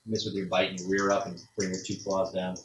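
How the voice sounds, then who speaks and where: A man with a low, flat voice narrates fast as game master, rambling casually and saying "like" constantly. He's recorded from a distance in an echoey room, with the highs cut off and a noisy background.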